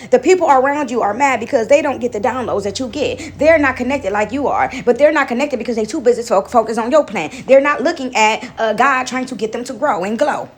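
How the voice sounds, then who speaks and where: A woman's voice: on the high side, fast talker, hardly any pauses, breathy edge. A woman giving an informal spiritual monologue, rambling and often asking "you understand me?". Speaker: spiritual speaker.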